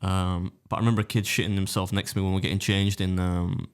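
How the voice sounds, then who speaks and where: A man in his thirties with a Yorkshire accent, telling rambling, animated school stories on a casual podcast. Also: deep voice, fast talker, clear, resonant tone. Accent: Yorkshire English. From Leeds, England. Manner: rambling, animated, swears, laughs at own stories. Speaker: podcast co-host. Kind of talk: casual storytelling chat.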